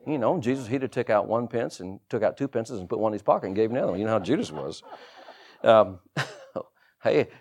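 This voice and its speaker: A man's voice: on the low side, expressive, a little fast, a little mellow, breathy edge. A middle-aged man preaching a sermon as pastor, with humorous asides and rhetorical questions.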